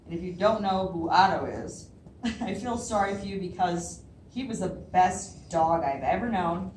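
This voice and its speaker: Heard from afar in a roomy hall with slight background noise, a woman gives a live reading of her own poetry at a library. Her fairly low, slightly mellow voice moves a little slowly with lively intonation, and she laughs nervously between lines.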